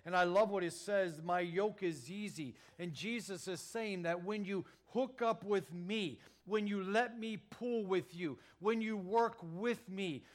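Middle-aged male pastor delivering an earnest sermon, slightly high voice, emphatic swells, halting restarts.

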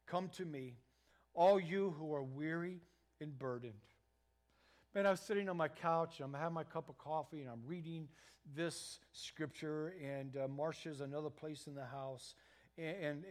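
A middle-aged man preaches with earnest conviction, his voice sitting a little high for a man. He builds to loud emphatic peaks and often stumbles and restarts his phrases as he speaks. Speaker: pastor. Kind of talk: sermon.

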